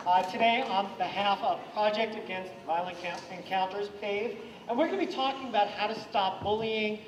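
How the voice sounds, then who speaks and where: A man giving an energetic anti-bullying talk to students at a school, getting the audience to repeat lines after him. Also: high voice, a little hiss or hum. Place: school hall or classroom. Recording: echoey hall from far off.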